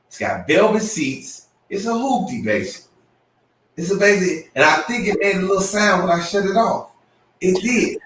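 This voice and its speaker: A man co-hosting a podcast, telling a story with lively acted-out quotes and sudden jumps in pitch. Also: recorded from a distance, a little hiss or hum. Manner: excitable, acts out quotes with big pitch jumps. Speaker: podcast co-host. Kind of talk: animated storytelling. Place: room at a live podcast show. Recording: roomy, from off the mic.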